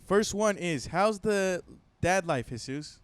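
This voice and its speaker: A man's voice: high-pitched, animated, slow, smooth, no room sound. A man on a podcast reading out listener questions in casual chat, laid-back and plain.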